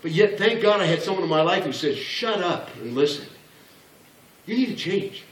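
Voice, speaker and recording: A man's voice: sits high, expressive, fast. A man in his sixties giving a blunt, joking motivational business talk to an audience, acting out the voices he quotes. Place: large hall before an audience. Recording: echoey hall, speaker far from mic.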